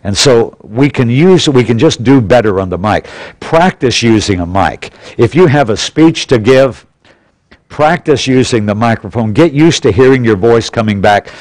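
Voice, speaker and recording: A man's voice: medium pitch, lively intonation, normal speed, a little mellow, no room sound, poor audio. A man teaching a practical church class in an auditorium, plainly and instructively, repeating his key points. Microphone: stationary pulpit mic.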